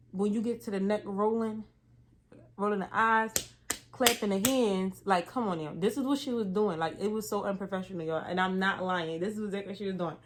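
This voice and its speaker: A young woman in her twenties telling a story to her viewers in a lively, slangy way. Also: medium pitch. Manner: animated, slangy, talks straight to viewers. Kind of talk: casual storytime.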